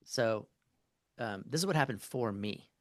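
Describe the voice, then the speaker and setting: A man's voice: mid-range voice, expressive, measured pace, no echo. A man, a marriage therapist, talking as a podcast guest in a loose, conversational way, full of fillers and restarts as he walks through an example. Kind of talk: casual interview conversation.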